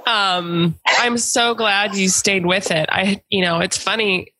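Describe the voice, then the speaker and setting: A woman hosting a podcast, talking casually and warmly, emotional and full of praise for her guest. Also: mid-range voice, fairly even intonation, slow, a little hiss or hum, poor audio. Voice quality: warm, emotional, effusive. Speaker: podcast host; supervisor. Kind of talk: casual chat.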